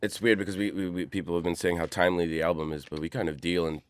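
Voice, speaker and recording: A man from Queens, a rapper guest on a radio show, speaking with a deep, resonant radio voice in a measured way and repeating phrases as he thinks. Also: level tone, smooth, no room sound. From Queens, New York. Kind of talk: casual studio interview. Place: radio studio. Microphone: studio microphone.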